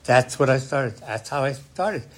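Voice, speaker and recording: A man's voice: mid-range voice, fairly bright tone. A man telling his recovery story at a meeting, speaking emphatically and often checking in with "right?". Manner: emphatic, rising and slowing when angry, tag questions "right?". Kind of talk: personal recovery testimony.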